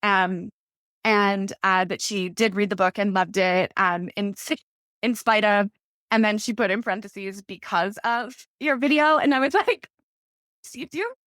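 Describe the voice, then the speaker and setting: A woman's voice: medium pitch, fairly even intonation, measured pace, fairly bright tone, no room sound, studio quality. A woman author in her thirties, chatting casually in a podcast interview and telling stories with many "like" fillers. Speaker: author guest.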